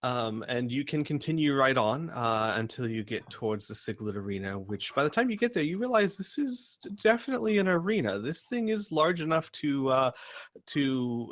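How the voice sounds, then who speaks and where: A man's voice: medium pitch, fairly bright tone, dry recording. A man narrating as game master, rambling with many fillers.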